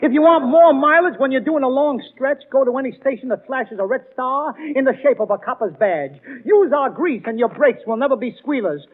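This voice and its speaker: Man, comedy host, very high voice, wisecracking, excitable, tinny 1930s radio sound. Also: a little fast, hardly any pauses.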